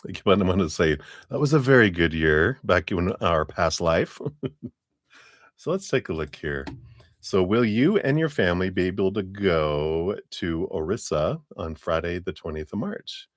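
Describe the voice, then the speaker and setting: A man's voice: deep voice, lively intonation, normal speed, no echo, studio quality. A man hosting a live tarot reading stream, greeting viewers by name in a friendly, casual way and chuckling often.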